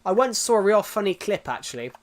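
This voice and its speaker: Young British male streamer, slightly raised pitch, meandering chatty delivery with lots of ums and restarts. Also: big pitch swings, fast talker. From United Kingdom. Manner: rambling, with many restarts and fillers. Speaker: live streamer. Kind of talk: casual chat with live viewers.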